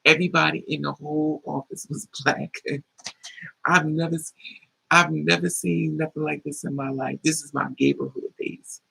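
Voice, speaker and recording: Telling a personal story in a casual vlog, this man speaks at a moderate pace in a slightly high, creaky, husky voice. He swears freely and acts out others' quoted dialogue with animation, and the recording is rough.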